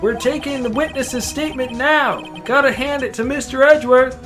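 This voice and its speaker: A woman voicing an eager young male police officer who talks loudly and brags about his mascot in a fan dub of a game. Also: high-pitched, lively intonation, moderate pace, over music, voice pushed up. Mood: chatty. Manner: loud and chatty, bragging about his mascot.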